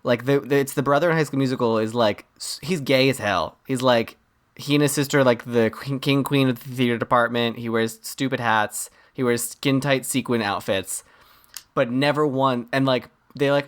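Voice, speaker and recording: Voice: mid-range voice, steady tone, moderate pace. A podcast co-host in a casual film chat, talking in long emphatic runs with acted-out asides.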